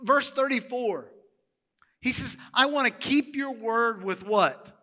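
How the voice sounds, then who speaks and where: Man, pastor, bright forceful voice, animated sermon, questions to the congregation, church reverb. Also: extremely high pitch, a little slow.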